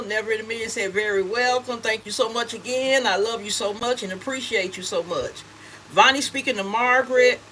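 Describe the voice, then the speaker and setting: A woman's voice: a little high, a bit bright, slight background noise, poor audio. A middle-aged woman hosting a casual livestream, reading viewer comments aloud in a chatty, homey way and calling people honey and baby. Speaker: gift basket seller hosting a livestream.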